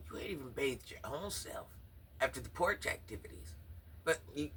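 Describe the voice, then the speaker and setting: A man's voice: on the high side, bright, forceful tone, husky, distant mic. A man giving incredulous, mocking drama commentary on a livestreamer, talking straight to his viewers.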